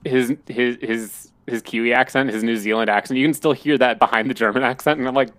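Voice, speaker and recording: A man's voice: medium pitch, fairly even intonation, fairly quick, a bit bright, dry recording. A man co-hosting a film podcast, his voice in a plain middle register. He rambles, circles back over his words and sounds amused. The recording is dry and close. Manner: rambling, restarts sentences, amused. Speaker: podcast co-host. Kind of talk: casual film chat.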